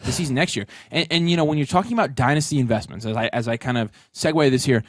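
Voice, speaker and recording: A man co-hosting a casual talk show, giving emphatic, rapid advice. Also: medium pitch, no room sound, studio quality. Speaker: podcast co-host. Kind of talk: casual chat.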